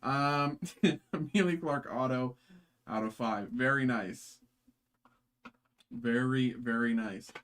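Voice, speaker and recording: This man's mid-range voice moves slowly, with long pauses, while he hosts a live card-opening break and opens packs. His rambling talk is packed with fillers and restarts, and he keeps joking at his own expense.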